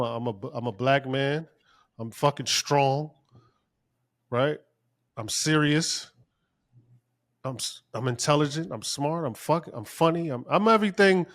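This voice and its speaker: A man co-hosting a podcast, talking casually and ranting profanely, his voice climbing when he gets worked up. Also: on the high side. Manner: profane, heated rant. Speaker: podcast co-host.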